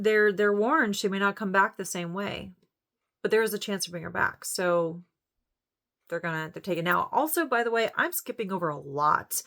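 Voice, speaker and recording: A woman talks casually through her review of a TV series, her voice sitting somewhat low. She is close to tears and sighs often, and her words come haltingly with frequent restarts. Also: a bit bright. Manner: emotional, halting, many restarts and fillers. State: near tears, sighing.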